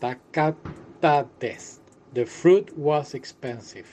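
A man's voice: a little high, slow, darkish tone, low-quality recording. A man working through a language app lesson, chatty and often repeating and correcting himself. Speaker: language tutor. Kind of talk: casual lesson walkthrough.

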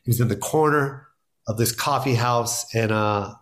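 A man's voice: mid-range voice, moderate pace, fairly bright tone. A middle-aged man, a stand-up comedian, telling stories in casual podcast talk, acting out quotes and laughing often.

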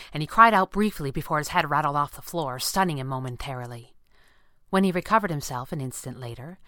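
Woman narrator, audio drama, low voice, dry close mic. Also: pushed and bright, no room sound.

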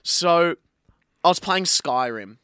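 A young man co-hosting a podcast, chatting casually, swearing and telling an animated story. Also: fairly high pitch, takes it slowly, clear, resonant tone, no echo, clean studio sound. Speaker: podcast co-host. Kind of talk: casual chat.

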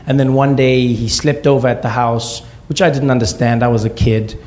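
A man in his thirties from South Africa, telling a stand-up comedy story and acting out quoted voices in sudden high-pitched bursts. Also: fairly even intonation, moderate pace, darkish tone.

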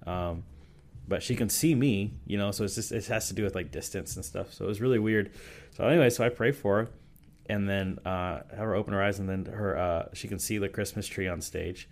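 A man with a deep, low voice talks through stories as a pastor on a podcast. His telling is loose and rambling, full of restarts and fillers like "like" and "you know". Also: fairly quick, creaky, darkish tone. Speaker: youth and young adults pastor. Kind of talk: casual storytelling in a podcast interview. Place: podcast recording session.

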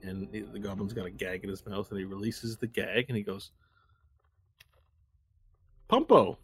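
A man's voice: fairly low pitch, level tone, fast, slightly rough, no echo. A man narrating as game master of a tabletop game, describing scenes in a loose, rambling way with restarts.

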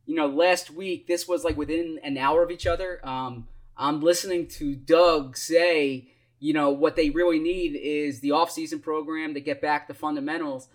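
Hesitant, somewhat high-voiced male co-host. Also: fairly even intonation, normal speed. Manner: hesitant, full of restarts and fillers, asks questions. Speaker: podcast co-host. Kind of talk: casual sports podcast chat.

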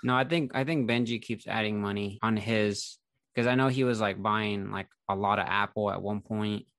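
A man's voice: lowish voice, normal speed, a bit bright, dry recording, clean studio sound. A man who runs an investing channel, talking in an easygoing, chatty way with many filler words during a casual conversation. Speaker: investing YouTuber. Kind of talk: casual conversation between creators.

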